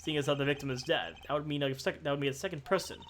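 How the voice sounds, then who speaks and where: A woman voicing a calm, self-assured male prosecutor, reading game dialogue aloud in a measured, formal way. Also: low voice, noisy background, close to an everyday voice. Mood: composed.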